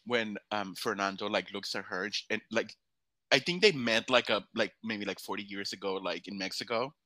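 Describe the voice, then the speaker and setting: A man appearing as a podcast guest, chatting casually, teasing and quick to laugh. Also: lowish voice, bright, forceful tone, dry recording, poor audio.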